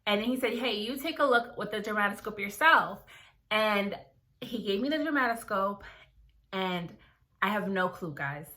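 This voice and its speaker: A young woman, a dermatology resident, chatting casually to her viewers in an animated storytelling vlog. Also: mid-range voice, moderate pace. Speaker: dermatology resident, video creator.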